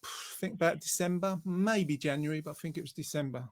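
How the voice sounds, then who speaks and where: A man's voice: a little high, fast. A man hosting a casual live online show, chatting loosely with lots of fillers. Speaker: show host.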